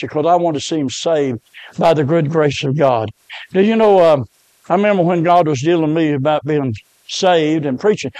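A pastor, a man of middle age, preaching a heartfelt sermon full of stories. His voice sits a little high and the sound is dry and close, with no room echo. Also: a little mellow. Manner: emotional storytelling preacher.

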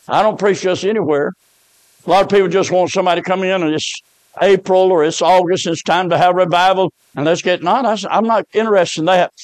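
A man preaches a revival sermon, mixing homespun stories with fervent warnings. His voice sits high for a man and sounds dry and close to the mic. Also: no echo, poor audio. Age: 70s.

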